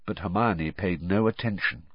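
A man narrating a storybook audiobook in a measured, expressive way. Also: deep voice, husky, no echo, lo-fi sound.

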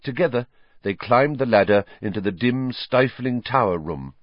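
Male audiobook narrator, expressive storytelling, lively pitch, dull dry sound. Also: normal speed, no echo. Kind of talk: scripted narration.

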